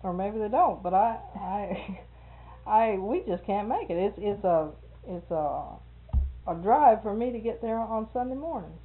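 A woman's voice: mid-range voice, lively intonation, a little slow. Lady gabbing away, tells long stories, laughs a lot, sounds thin like an old phone recording. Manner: chatty storyteller, laughs often. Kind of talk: casual conversation. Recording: phone-like narrow band.

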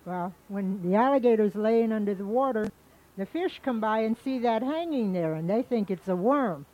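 A woman telling an animal folktale aloud in a homely, unhurried storytelling manner. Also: medium pitch, animated, muffled recording.

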